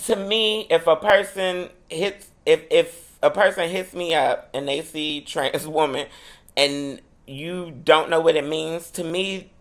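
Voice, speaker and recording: A woman hosting a podcast, talking in a sassy, emphatic way, swearing freely and calling people "honey". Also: sits low. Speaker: podcast host. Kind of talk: casual chat.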